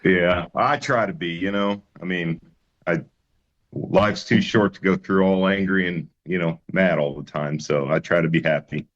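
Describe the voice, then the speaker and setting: A man's voice: deep voice, steady tone, normal speed, highs cut off. A man, a musician guest, telling his story in an easygoing interview chat with many fillers and restarts.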